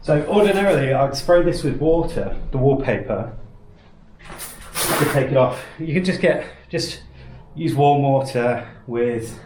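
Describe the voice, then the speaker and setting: A man's voice: medium pitch, echoey room, background noise. A man chatting casually on a home vlog while renovating his house, rambling and self-deprecating. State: out of breath. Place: house under renovation, indoors.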